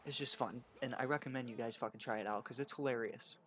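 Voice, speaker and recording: A man's voice: medium pitch, fairly even intonation, fast talker, fairly bright tone. A young man telling crude, profane stories in a casual rant while playing a video game. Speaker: gaming channel host. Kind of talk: casual storytelling over gameplay.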